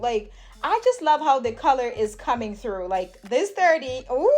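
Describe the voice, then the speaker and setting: High-voiced, hyper woman vlogger. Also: expressive, moderate pace, darkish tone. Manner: hyper, gushing, calls viewers honey and sis. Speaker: hair tutorial vlogger. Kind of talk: casual tutorial chat.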